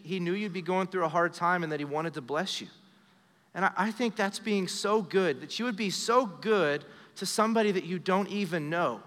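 A man in his thirties preaches with earnest conviction, his voice sitting a little high for a man. His lines ring out into the long reverb of a church sanctuary. He sinks into a soft, hushed tone when a story turns personal. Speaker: pastor. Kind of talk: sermon. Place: church sanctuary during a live service.

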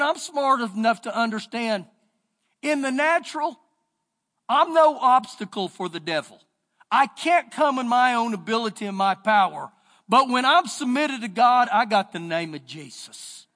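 A man with a Texan accent preaching a sermon as pastor, his voice rising and falling in pitch and loudness. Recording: church sermon with long reverb.

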